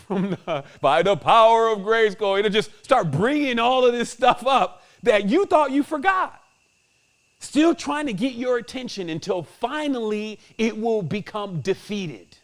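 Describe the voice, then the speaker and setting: Podcast host, male, high voice, slangy and emphatic, easy chuckle. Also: a little slow. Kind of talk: spiritual podcast monologue.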